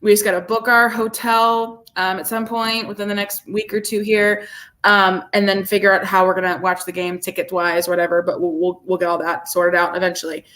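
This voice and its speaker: Bright, bubbly woman podcast co-host. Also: medium pitch, fairly quick. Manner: bubbly and gushing, repeats herself when excited. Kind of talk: casual chat.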